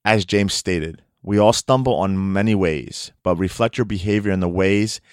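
Earnest low-voiced male preacher. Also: clear, resonant tone, no echo, clean studio sound. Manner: earnest, exhorting, with slow emphatic phrases. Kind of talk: sermon.

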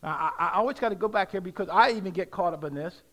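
Middle-aged pastor guy preaching, high bright voice, call and response, gets shouty. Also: fast talker. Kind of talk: sermon.

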